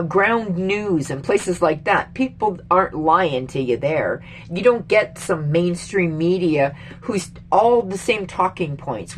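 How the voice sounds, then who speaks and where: A middle-aged woman from Canada rants heatedly into her own vlog, swearing and emphatic, her pitch leaping up when she gets exasperated. Her voice sits at a middle pitch, with a faint noise underneath. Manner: rambling with restarts and sudden jumps in pitch. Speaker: vlogger. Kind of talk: casual angry political rant.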